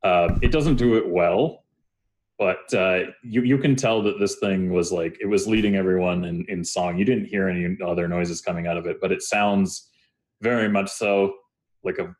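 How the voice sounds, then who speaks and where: A man narrating as game master of a tabletop game, halting, with many fillers and restarts. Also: sits low, fairly even intonation, a little mellow.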